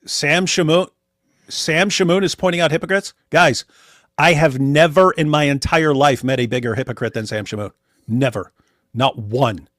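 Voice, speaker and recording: A man's voice: a little high, moderate pace, fairly bright tone, no room sound, clean studio sound. A man hosting a livestream, talking in casual commentary, emphatic and repeating words as he keeps addressing his audience. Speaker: livestream host.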